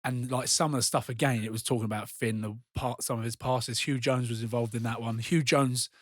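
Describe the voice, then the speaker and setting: A man with a medium-pitched voice breaks down rugby action with lively, animated energy, like a former player chatting on a podcast. The sound is dry and close, with no room echo. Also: brisk. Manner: animated, talks through match action. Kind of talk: casual podcast chat.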